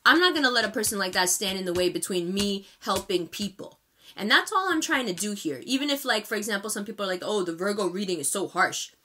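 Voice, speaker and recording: A woman's voice: medium pitch, animated, fast talker, pushed and bright, a little hiss or hum. A woman in her thirties giving a tarot reading straight to her viewers, speaking with emphatic, impassioned directness. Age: 30s. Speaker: tarot reader. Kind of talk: direct-to-camera monthly reading.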